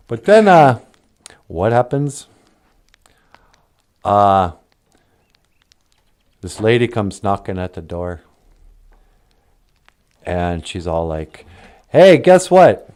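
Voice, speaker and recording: Give me a jokey man retelling a story, lively and loose with filler words. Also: fairly low pitch, extremely slow, pauses often. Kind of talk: comic retelling of a film.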